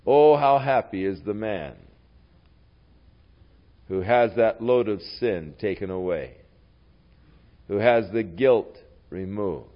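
Slow, deliberate male preacher. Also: dull audio. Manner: slow, deliberate preaching with wide swings in pitch and loudness. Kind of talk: sermon.

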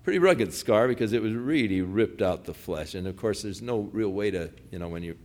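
A man preaching a sermon, telling a folksy personal story, then dropping from loud proclamation to hushed pleading. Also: on the low side, expressive, fairly quick. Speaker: pastor.

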